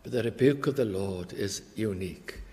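A man preaching a sermon in an earnest, emphatic way, slowing down to stress key phrases. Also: fairly low pitch, a little mellow, long reverb tail.

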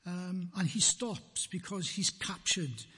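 A man preaching a sermon in a church, slow and deliberate, repeating phrases for emphasis, with a husky voice. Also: high voice, sharp tone, big-room sound.

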